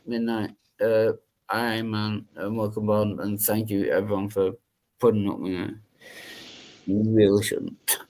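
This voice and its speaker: A man's voice: on the low side, level tone, a little slow, darkish tone. A man hosting a live stream chat, joking crudely and laughing often at himself. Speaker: stream host.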